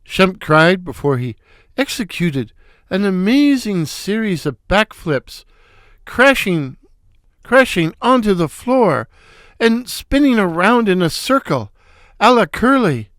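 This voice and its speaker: Smooth, unhurried male storyteller. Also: sits high, sing-song, fairly bright tone, no echo, clean studio sound. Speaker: narrator. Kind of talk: storytelling with character voices.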